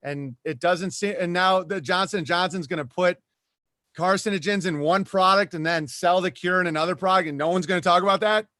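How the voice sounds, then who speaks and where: A man's voice: high-pitched, fairly quick, pushed and bright, no room sound, studio quality. A man who is a comedian, talking as a podcast guest and ranting in a rambling way with lots of asides. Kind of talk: animated podcast conversation.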